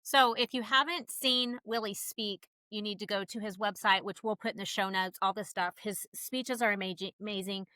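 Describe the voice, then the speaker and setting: Bright-voiced woman podcast host. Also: mid-range voice, steady tone, moderate pace, hardly any pauses, smooth, dry recording, low-quality recording. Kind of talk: interview chat.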